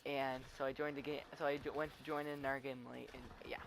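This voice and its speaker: A man's voice: mid-range voice, level tone, brisk, slight background noise. A teenage boy giving rambling, chatty live commentary over his gameplay. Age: teens. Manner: rambling, chatty, tells stories with restarts. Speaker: gaming commentator.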